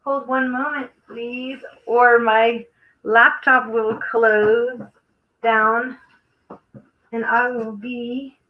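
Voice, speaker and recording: A woman hosting a crafting livestream speaks very slowly in a fairly high, level voice. She chats casually, thinks aloud while working, and tends to trail off, heard through phone-quality sound.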